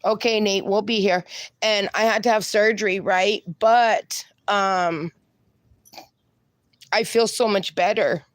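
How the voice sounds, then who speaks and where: A woman's voice: mid-range voice, steady tone, slow, no room sound, studio quality. A woman, hosting a casual live stream and reading viewers' comments aloud in a chatty, affectionate way. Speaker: livestream host.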